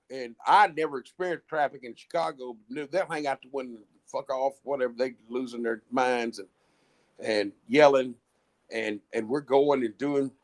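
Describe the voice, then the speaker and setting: A middle-aged man, a musician guest, telling long rambling stories in casual chat, with frequent restarts and swearing. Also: medium pitch. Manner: rambling, profane, many restarts. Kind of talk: casual storytelling.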